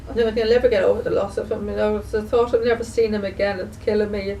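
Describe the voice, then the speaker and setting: A woman video blogger speaking in a casual, halting way, full of fillers and restarts, and sounding emotional and grieving. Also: mid-range voice, flat delivery, mellow, recorded from a distance, slight background noise, rough recording. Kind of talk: casual spoken remembrance.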